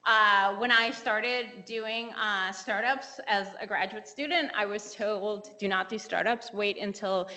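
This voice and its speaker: A woman in her forties giving a conference keynote, telling lively stories with fillers and laughs and acting out quoted dialogue. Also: mid-range voice, unhurried, few pauses. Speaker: keynote speaker, engineering professor. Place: lecture hall. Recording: long reverb of a lecture hall.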